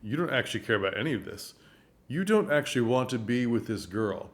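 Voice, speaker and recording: A man giving earnest, animated commentary on a stage production, telling the story with frequent restarts. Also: mid-range voice, fairly quick. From United States. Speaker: theater commentator. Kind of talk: casual commentary.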